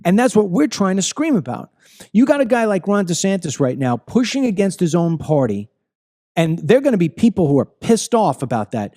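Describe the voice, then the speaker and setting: A man's voice: high-pitched, dark tone. A man hosting a political commentary show, ranting heatedly with frequent profanity and stammering when worked up. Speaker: host.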